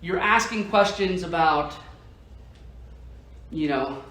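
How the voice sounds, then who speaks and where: A man's voice: on the high side, slow pace, pushed and bright. A man giving a motivational sales training talk to insurance agents, emphatic and constantly checking in with "right?". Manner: emphatic, keeps asking "right?" to the audience. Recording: echoey room, heard from a distance.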